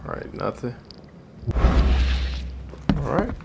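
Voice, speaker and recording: Young male streamer, joking gameplay commentary, slow and gravelly. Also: medium pitch, sing-song, darkish tone, slight background noise. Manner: joking, laughing at the characters.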